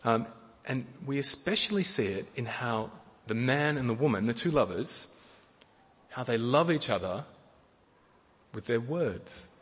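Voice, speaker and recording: Man, middle-aged, sermon, husky tone, long hall reverb. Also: mid-range voice, lively intonation, measured pace. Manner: gentle, with frequent fillers and repeated words. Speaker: preacher.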